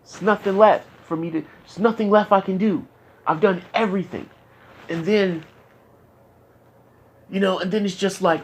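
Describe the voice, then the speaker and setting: A man's voice: sits high, fairly even intonation, moderate pace, long pauses, breathy edge. Frustrated man venting in therapy. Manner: frustrated, profane, rising to anger. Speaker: patient in therapy. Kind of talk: candid therapy conversation.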